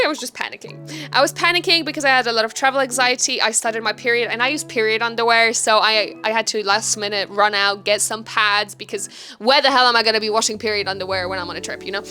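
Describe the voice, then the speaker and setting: A woman's voice: fairly high pitch, pushed and bright. A young woman telling a casual vlog story, chatty and self-mocking, swearing freely. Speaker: vlogger. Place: hotel room.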